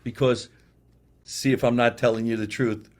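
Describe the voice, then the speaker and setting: A man hosting a podcast, swapping comedy stories in animated, casual chat. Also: medium pitch, moderate pace. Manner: animated storyteller, acts out quotes. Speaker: podcast host.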